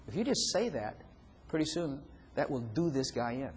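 A man's voice: mid-range voice, expressive, fairly quick. A man preaching a sermon who acts out inner voices and chuckles often. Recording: long hall reverb, faint room noise.

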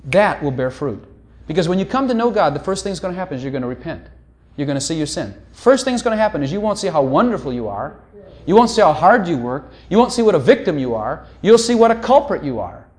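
A man's voice: a little high, big pitch swings, fast talker, a little mellow. A middle-aged man preaching a sermon in a conversational, teasing way, often breaking off to ask "hello".

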